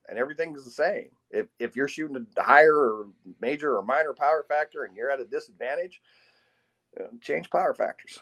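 A man speaking as a podcast guest, with an ordinary mid-range voice. He tells his stories in an animated, casual way, full of sound effects and little laughs. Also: mid-range voice, fairly quick. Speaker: podcast guest, pistol marksmanship instructor. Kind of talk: casual interview storytelling.

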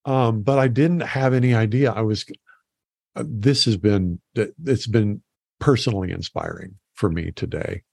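A man's voice: lowish voice, normal speed, vocal fry, darkish tone, no echo. A man hosting a podcast, easygoing and full of small fillers as he wraps up the talk. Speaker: podcast host. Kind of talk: casual interview chat.

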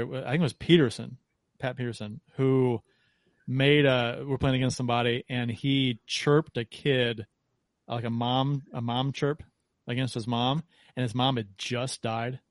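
A man joins in on a casual hockey podcast and tells a story in an easy, relaxed way. His voice sits in a middle pitch. The recording is dry and close. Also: normal speed, dry recording. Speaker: podcast co-host. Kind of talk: casual chat.

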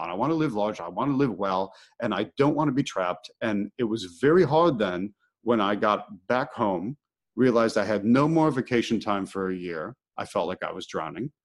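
A middle-aged man hosting a podcast, telling a personal story in casual conversation and acting out his own thoughts with animation. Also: fairly low pitch. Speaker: podcast host.

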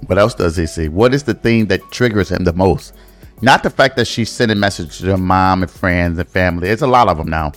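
A man's voice: low-pitched, brisk, soft background music. A man hosting a casual true-crime podcast, talking bluntly, swearing and teasing his co-host. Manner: blunt, opinionated, swears and teases.

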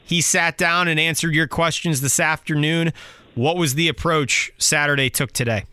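A man hosts a sports talk radio show with a bright, forceful tone. His voice is fairly high, and the studio sound is dry and close. He runs the segments briskly. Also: fairly even intonation, clean tone, no room sound.

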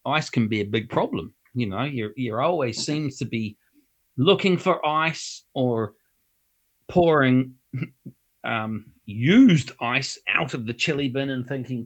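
With a New Zealand accent and a mid-range, expressive voice, a man speaks slowly with a breathy edge. He tells funny anecdotes in casual chat, laughing often and acting out the voices of the people he quotes.

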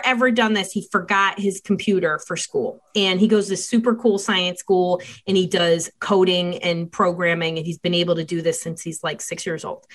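A middle-aged woman, a child mental health expert, talking in a podcast interview and acting out family conversations as she tells them. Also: medium pitch. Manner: animated storytelling, acting out dialogue.

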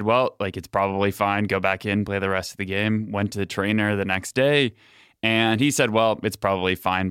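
A young man tells his story on a casual podcast in a plain, matter-of-fact way. His voice is low and smooth, recorded close and dry. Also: a bit bright, no echo. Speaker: guest. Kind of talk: casual interview chat.

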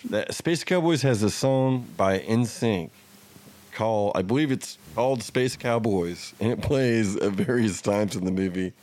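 A man's voice: fairly low pitch, a little slow, a little mellow. A man co-hosting a movie podcast, talking casually and enthusiastically, with frequent laughs and swearing. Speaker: podcast co-host.

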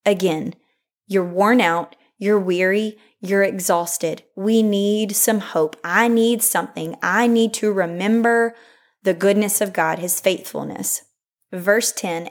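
A woman's voice: medium pitch, a little slow. A young woman hosting a faith podcast, earnest and chatty, with frequent laughs and lots of "like", who reads scripture aloud. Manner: earnest and chatty, laughs often, says "like" a lot. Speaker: podcast host. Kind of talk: faith-based podcast talk, reading scripture.

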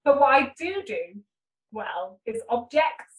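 A woman guest on a podcast, chatting casually in an animated, self-deprecating way and restarting her sentences often. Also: high voice, slow pace, rough recording. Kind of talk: casual conversational interview.

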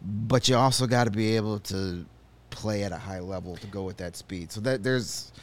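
A man co-hosting a sports show in a studio, opinionated and joking, with quick asides. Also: lowish voice. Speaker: sports podcast co-host. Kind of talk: casual sports chat.

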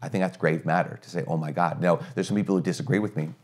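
Deep-voiced male priest, earnest conversational teaching, rhetorical questions, energetic delivery. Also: fast talker.

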